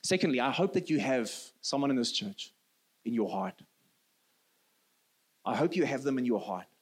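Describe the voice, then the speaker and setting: A South African man in his thirties, a native Afrikaans speaker, preaching a sermon in an earnest way and often dropping to a soft, low voice for emphasis. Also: lively intonation, moderate pace, slightly rough. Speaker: pastor.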